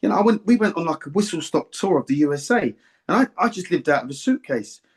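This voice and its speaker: An older man, a former boxer, telling rambling, warm-hearted anecdotes in an interview and often repeating himself. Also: on the high side, lively intonation, fast talker, slightly rough. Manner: rambling, anecdotal, repeats words and "do you see what I mean". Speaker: former boxer and boxing pundit. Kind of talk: reminiscing interview chat.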